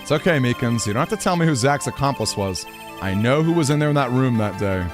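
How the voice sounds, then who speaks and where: A man doing a low, dry young lawyer. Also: fast, music in the background, close to an everyday voice. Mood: probing. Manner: low, flat and insistent questioning. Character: young male defense attorney, probing and dry.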